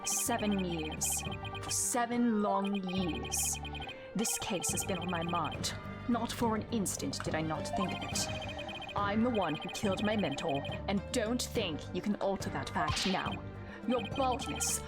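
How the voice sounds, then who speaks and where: A woman's voice: mid-range voice, expressive, measured pace, natural voice. A woman reading as a scornful samurai prosecutor. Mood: brooding. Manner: dramatic, sneering. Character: brooding male samurai prosecutor, theatrical, scornful. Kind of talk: reading game dialogue aloud. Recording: loud game music behind.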